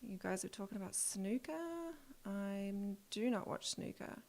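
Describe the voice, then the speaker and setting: A woman's voice: medium pitch, steady tone, moderate pace, gravelly, darkish tone. A woman taking over a home live stream, casually and a bit unsurely answering viewers' questions. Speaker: stand-in stream host.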